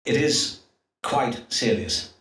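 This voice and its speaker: An actor voicing an Elizabethan astrologer-doctor who speaks in measured, formal old-fashioned phrases with hesitant fillers, in a game. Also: male voice, medium pitch, lively intonation, fairly bright tone. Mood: grave. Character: Elizabethan astrologer-doctor, pompous yet awkward. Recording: distant roomy game audio.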